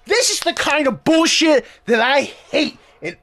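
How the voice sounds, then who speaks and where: A man reading a story aloud and ranting about it in excitable, profane commentary. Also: extremely high pitch, moderate pace, hardly any pauses. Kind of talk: ranting read-along commentary.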